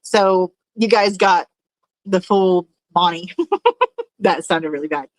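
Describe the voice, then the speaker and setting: A woman's voice: lowish voice, takes it slowly, dry recording, low-quality recording. A woman hosting a casual livestream from her home. She reads out chat comments and chats in a rambling way, with lots of fillers and laughs. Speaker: livestream host reading chat. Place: at home in a room with fish tanks.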